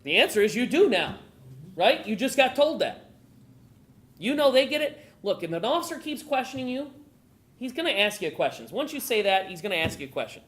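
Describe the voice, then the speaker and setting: A woman with a brisk, somewhat high voice presents live at a gun owners' meeting. She's animated, quizzing the audience and acting out conversations.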